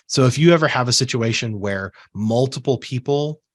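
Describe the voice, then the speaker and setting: A man giving a relaxed screen-share software tutorial, talking casually with fillers and asides while he has the hiccups. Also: medium pitch, moderate pace, no echo, studio quality. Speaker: software trainer.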